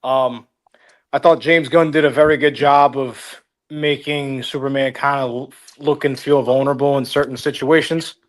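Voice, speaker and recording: A man's voice: mid-range voice, fairly even intonation, moderate pace. A man co-hosting a casual podcast, upbeat and enthusiastic as he gives his review. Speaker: podcast co-host. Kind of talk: casual chat.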